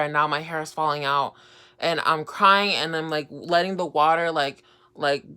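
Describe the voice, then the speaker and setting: A woman's voice: low-pitched, pushed and bright, clean tone. A young woman telling a personal story in a casual vlog, rambling with many fillers and restarts. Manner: rambling, lots of fillers and repeats. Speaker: vlogger.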